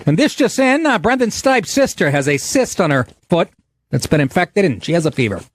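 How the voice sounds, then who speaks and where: A man's voice: sits high, big pitch swings, fairly quick, dry recording, clean studio sound. A middle-aged man hosting a podcast, telling a profane, indignant comedic story in a rant. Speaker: podcast host.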